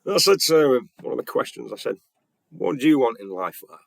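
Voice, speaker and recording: A man's voice: medium pitch, sing-song, brisk, gravelly, no echo. A man telling a story in a casual monologue, retelling conversations bluntly and earnestly. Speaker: vlogger.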